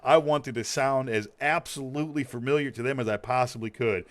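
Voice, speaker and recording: A man's voice: mid-range voice, brisk. A man with a slight Montana accent, a streamer telling a long story in casual, rambling talk, cursing freely and laughing often. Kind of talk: casual storytelling while gaming.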